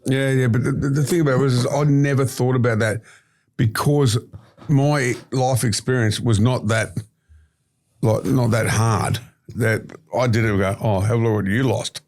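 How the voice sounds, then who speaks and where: A middle-aged Australian man speaks as a podcast guest, circling back through his stories with heavy emphasis. His voice sits at an ordinary middle pitch. He digresses often, then drives his point home. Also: steady tone, moderate pace, darkish tone. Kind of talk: storytelling interview talk.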